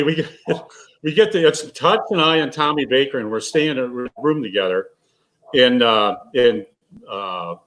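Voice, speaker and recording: A man's voice: mid-range voice, a bit bright, low-quality recording. An older man, a former pro bowler, telling casual, rambling anecdotes as an interview guest. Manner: rambling anecdotes with restarts and laughs. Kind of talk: casual storytelling.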